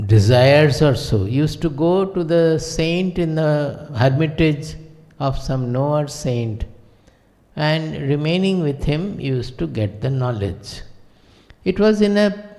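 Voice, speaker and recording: A man with an Indian English accent gives a spiritual discourse at a very slow, unhurried pace. His voice sits a little above the usual male range. He speaks in measured, deliberate short phrases, and long hall reverb trails each line. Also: fairly high pitch, a little mellow. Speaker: spiritual teacher.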